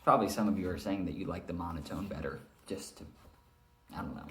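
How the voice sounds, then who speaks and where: A man's voice: low voice, quick pace, fairly bright tone. A male teacher giving a recorded reading lesson, explaining and demonstrating how to read aloud. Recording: echoey room.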